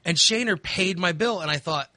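A man's voice: sits high, moderate pace, pushed and bright, no room sound. A man in his fifties, hosting and telling a candid, rambling story in casual chat. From Texas. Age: 50s. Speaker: host.

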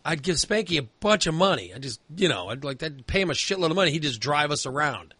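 Rambling bright-voiced man telling a story. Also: fairly high pitch, sing-song, fast, slightly rough, dry recording. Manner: rambling storytelling with many fillers and restarts. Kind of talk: casual chat.

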